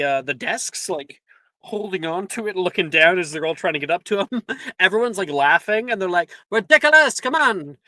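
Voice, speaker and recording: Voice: medium pitch, bright, forceful tone, no room sound. A game master narrating a tabletop game in a loose, chatty way with many fillers.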